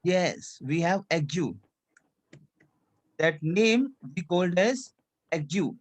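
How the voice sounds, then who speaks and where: A man's voice: sits high, animated, slow pace. Man drilling students in a language class. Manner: repetitive drilling, asks students to repeat; drops French checks like "c'est clair" into English. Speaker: French teacher.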